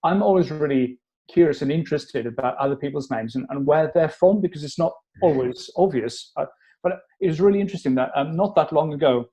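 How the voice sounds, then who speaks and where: A man from Wales hosting a podcast in casual chat, curious and conversational, with a frog in his throat and frequent throat-clearing. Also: on the high side, a little fast, mellow. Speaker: podcast host.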